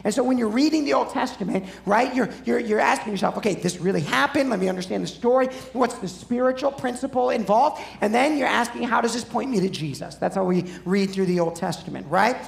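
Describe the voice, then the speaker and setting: A man's voice: high voice, fairly quick, creaky, few pauses, echoey room. A man preaching a sermon as pastor, talking conversationally and putting questions to his listeners. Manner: conversational, asks the audience questions.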